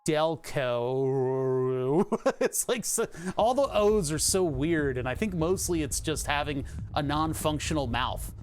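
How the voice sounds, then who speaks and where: A man's voice: fairly high pitch, animated, slow. A man with a Philadelphia accent, streaming live and chatting casually, rambling, laughing often and swearing now and then.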